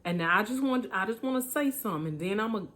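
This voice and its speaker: A woman preaches about choices in an emphatic, colloquial way. She circles back and repeats her points, and she breaks into small chuckles. Her voice sits at an ordinary middle pitch. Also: expressive, quick pace, a bit bright. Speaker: motivational speaker. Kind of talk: motivational preaching.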